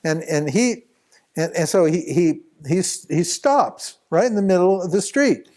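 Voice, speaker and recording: Animated older-sounding storytelling teacher. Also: male voice, sits high, a little slow. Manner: rambling, animated anecdote with many restarts and laughs. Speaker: spiritual teacher. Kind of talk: storytelling talk at a retreat.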